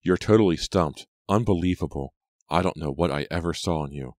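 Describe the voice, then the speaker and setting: A man's voice: extremely low pitch, normal speed, a little mellow, dry recording, studio quality. A man voicing a vengeful teenage girl who taunts coldly in an audiobook reading. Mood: cold, taunting. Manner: taunting, cold.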